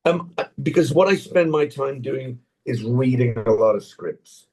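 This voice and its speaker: A man's voice: mid-range voice, expressive, a little slow, darkish tone, breathy edge. An older man with an English accent, an actor chatting in an interview over a tablet video call, rambling through anecdotes. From England. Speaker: actor guest. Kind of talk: casual interview chat.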